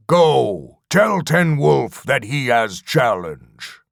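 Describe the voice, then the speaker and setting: A man voicing a boastful ogre warrior in an audiobook, speaking loud, halting, broken sentences. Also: mid-range voice, very animated, creaky, no room sound, studio quality, pitched above the performer's own voice, heavily acted. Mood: commanding.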